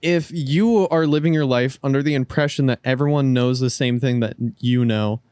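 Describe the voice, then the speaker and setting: A man's voice: medium pitch, moderate pace, a little mellow, smooth, no room sound, studio quality. A man co-hosting a podcast in casual chat, explaining his point earnestly with everyday examples. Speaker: podcast co-host. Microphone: podcast microphone.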